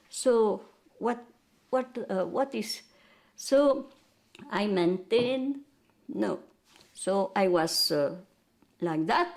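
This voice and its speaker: An older woman from Belgium with a Belgian French accent, French being her first language, recounting memories in halting English and searching for words. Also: mid-range voice, darkish tone. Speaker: interviewee.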